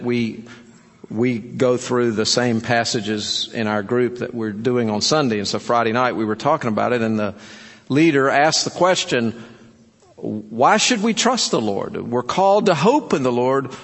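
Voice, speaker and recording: A man's voice: medium pitch, moderate pace, big-room sound. A man preaching a sermon in an earnest, urging way, telling stories to make his point. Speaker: pastor.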